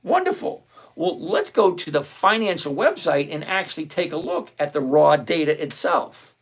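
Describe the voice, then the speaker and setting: A man's voice: fairly high pitch, sing-song, normal speed, husky. A man hosting a live stock-trading stream, talking casually and lecturing his viewers with an exasperated, emphatic manner. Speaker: livestream stock trading host. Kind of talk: casual livestream commentary.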